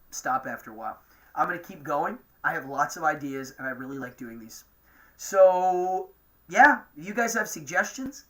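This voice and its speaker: A man's voice: a little high, sharp tone. A man with an East Coast accent hosting a livestream show, chatting in a rambling, enthusiastic way. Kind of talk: casual livestream chat.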